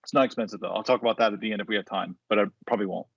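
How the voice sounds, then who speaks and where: A man's voice: fairly low pitch, fairly even intonation, dry recording, lo-fi sound. Casual man giving a live tech demo. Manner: casual, quick asides and restarts. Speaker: presenter at a developer community call.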